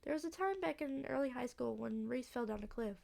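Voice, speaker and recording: A cheerful young woman who hunts cryptids for her channel, read by a woman playing a game. She chats along breezily in a high voice with a gravelly edge. The telling stays light and quick. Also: lively intonation, a little mellow, heavily acted. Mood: chatty. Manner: chatty, breezy storytelling.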